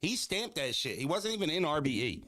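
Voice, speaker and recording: A man's voice: a little high, very animated, fairly quick, pushed and bright, dry recording, studio quality. A young man hosting a livestream, joking loosely and profanely, laughing and roasting his chat. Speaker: livestream host.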